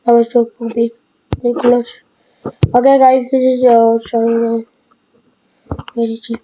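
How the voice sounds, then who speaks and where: A woman giving casual, rambling gameplay commentary in short excited bursts. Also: fairly high pitch, unhurried, lo-fi sound, a little hiss or hum. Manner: excitable, rambling, broken phrasing. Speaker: gaming video creator.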